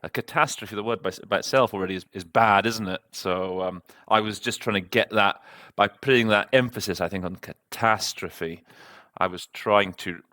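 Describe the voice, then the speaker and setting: Low-voiced man reviewing his interpreting. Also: normal speed, bright, forceful tone, no echo, studio quality. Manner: reflective, self-critical, conversational. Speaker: conference interpreter and podcast host.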